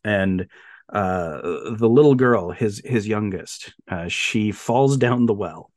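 A man co-hosting a podcast, chatting casually about films and retelling plots with animated storytelling and quick silly voices for the characters. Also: lowish voice, dry recording, clean studio sound. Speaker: podcast co-host. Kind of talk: casual film chat.

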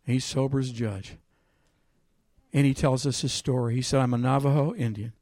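A man preaching a sermon, reading scripture aloud with loud emphasis and telling a personal story in a quieter voice. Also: medium pitch, steady tone, moderate pace, no room sound, clean studio sound.

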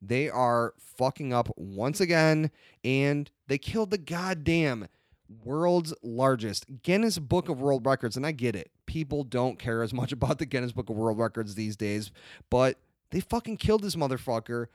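A man co-hosting a comedy podcast, ranting loudly and swearing constantly. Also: medium pitch, animated, normal speed, dry recording, clean studio sound. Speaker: podcast co-host. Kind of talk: profane comedic podcast banter.

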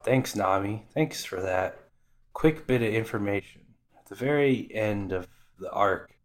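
A man's voice: on the low side, animated, a little slow. A man hosting a podcast, casually recapping anime episodes with irreverent, profane asides. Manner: irreverent, swears freely, mock voices for characters.

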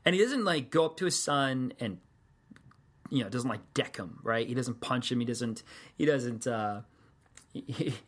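A man's voice: mid-range voice, lively intonation, normal speed, fairly bright tone. A man preaching a sermon, telling the story in a casual, conversational way with joking asides.

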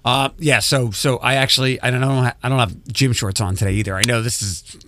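A man's voice: medium pitch, steady tone, brisk, background noise. A man hosting a casual morning radio show, running through the lineup with frequent restarts and asides. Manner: rambling, self-interrupting, reads show rundown. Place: radio studio. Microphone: studio microphone.

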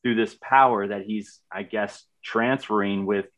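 A man's voice: lowish voice, fairly even intonation, measured pace, a bit bright. Male podcast co-host, eager and chatty, stumbles over his opening words. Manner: enthusiastic, repeats words when starting. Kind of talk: casual chat reviewing a TV series.

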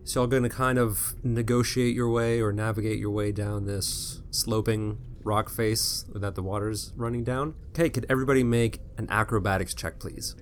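Relaxed lower-voiced male game master. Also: normal speed, few pauses, a little hiss or hum. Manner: easygoing, descriptive, joking asides. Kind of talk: narrating a tabletop game.

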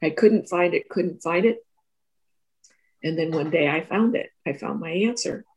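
A woman's voice: fairly low pitch, measured pace. A woman who is a teacher and therapist tells a reflective personal story in an interview, talking earnestly and often repeating and restarting her phrases. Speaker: Three Principles teacher and therapist.

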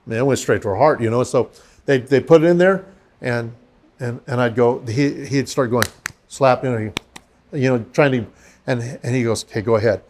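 A male pastor tells a story in casual conversation, animatedly acting out the voices of the people in it. He speaks at medium pitch and normal speed, with a little hiss or hum.

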